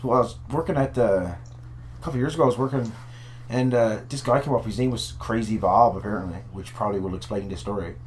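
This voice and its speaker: Fast-talking Newfoundland man, low voice. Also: slight background noise. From Newfoundland, Canada. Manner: joking, profane, rambling storyteller. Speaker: podcast co-host. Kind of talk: casual chat. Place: at home.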